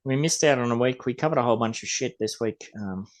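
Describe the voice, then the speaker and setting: A man with an Australian accent co-hosting a podcast, joking and swearing casually in relaxed chat. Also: medium pitch, fast talker. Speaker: podcast co-host.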